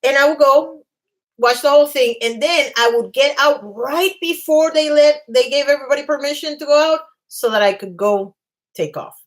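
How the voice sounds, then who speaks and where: A woman casually telling self-mocking, animated stories to a live chat. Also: high voice, moderate pace. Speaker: channel host.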